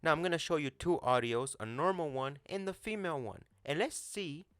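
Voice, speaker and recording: A man's voice: on the high side, lively intonation, brisk, fairly bright tone, clean tone, no echo, studio quality. A man hosting a casual commentary vlog, speaking bluntly and swearing now and then. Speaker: commentary channel host.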